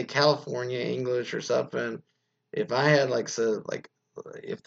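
Gravelly, rambling male radio host. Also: fairly low pitch. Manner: rambling and offhand, sometimes swearing. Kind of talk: casual commentary on an article. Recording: dull lo-fi recording.

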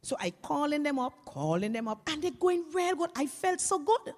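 Animated high-voiced Vincentian woman storyteller. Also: moderate pace, in a large hall. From Saint Vincent and the Grenadines. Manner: animated, lively, addresses audience. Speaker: comic storyteller, teacher. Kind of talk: comic stage storytelling.

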